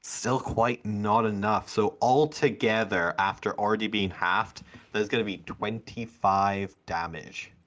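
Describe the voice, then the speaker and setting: A man with a fairly low voice narrates a tabletop game as its game master. He explains rolls and rules in a relaxed, patient way. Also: measured pace, few pauses.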